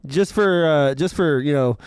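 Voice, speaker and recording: Smooth-voiced man with wry asides. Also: on the high side, a little slow, darkish tone, no room sound. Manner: chimes in with wry asides and restarts. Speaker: podcast co-host. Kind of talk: casual chat.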